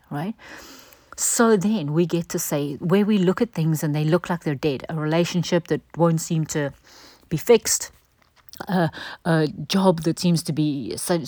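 A middle-aged woman giving an earnest devotional teaching, gentle in manner and dropping to a soft breathy hush at times. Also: sits low, no room sound. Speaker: Christian teacher.

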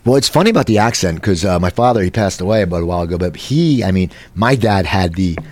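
A man's voice: low-pitched, expressive, quick pace, a little mellow, no echo. A man in his late forties from New Jersey, hosting a casual talk show and telling stories in a rambling way with many restarts. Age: 40s. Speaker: host.

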